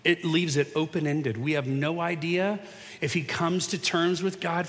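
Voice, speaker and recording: A man preaching a sermon in a conversational way, moving from hushed asides to emphatic points. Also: fairly high pitch, fairly even intonation, measured pace. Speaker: pastor. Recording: long reverb of a large hall.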